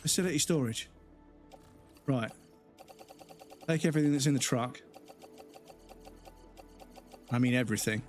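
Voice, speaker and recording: A man's voice: medium pitch, a little slow, long pauses, soft background music. A man, a gaming streamer, angrily ranting in a casual live stream full of swearing. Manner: angry, profane ranting.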